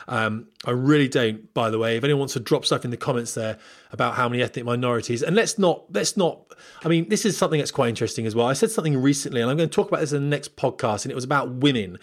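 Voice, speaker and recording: A man talks casually into a camera at home for his podcast. He rambles and digresses, turns aside to address the viewers directly, and speaks in a voice of ordinary pitch. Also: fast. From Britain. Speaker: podcast host and former pilot.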